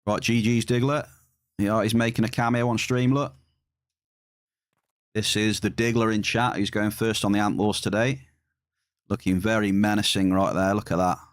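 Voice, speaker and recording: A man chats his way through a live game stream, joking with and teasing his viewers. His voice sits a little low, and the sound is dry and close, with no room around it. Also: level tone, moderate pace, pauses often, dry recording. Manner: playful, teasing banter with chat.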